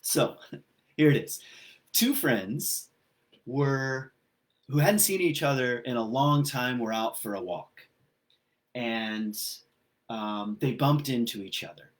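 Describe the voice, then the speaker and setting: A man giving a relaxed, conversational livestreamed sermon as pastor, telling a folktale with frequent pauses and ums. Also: mid-range voice. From Ireland.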